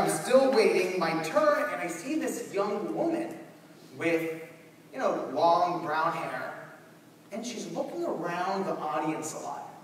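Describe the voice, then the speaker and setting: Brief: young male keynote speaker, high voice, animated storyteller; distant, echoey hall. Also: slight background noise. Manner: animated, acting out scenes. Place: large conference hall.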